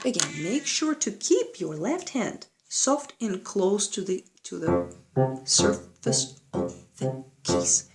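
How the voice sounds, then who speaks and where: A woman's voice: lowish voice, vocal fry, a little hiss or hum. A woman giving a patient play-along piano lesson at home, coaching with frequent "okay?" checks. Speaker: piano teacher. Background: piano playing.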